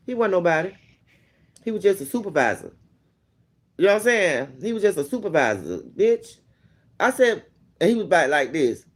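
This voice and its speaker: A man sits with a friend and tells a story in a loose, profane way, acting out every line people said to him. His voice sits fairly high and jumps up and down in pitch all the time. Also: moderate pace, long pauses. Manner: animated, profane, acts out quoted dialogue. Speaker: vlog host.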